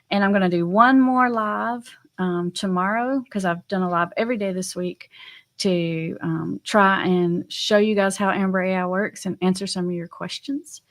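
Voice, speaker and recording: A woman hosting a casual live stream, chatting to her viewers in a loose way with frequent ums and light laughs. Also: lowish voice.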